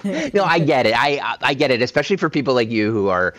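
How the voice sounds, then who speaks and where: A man's voice: medium pitch, very animated, fast talker, fairly bright tone, no echo. A young man co-hosting a radio show, teasing his partner in casual banter and often repeating himself. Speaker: radio co-host.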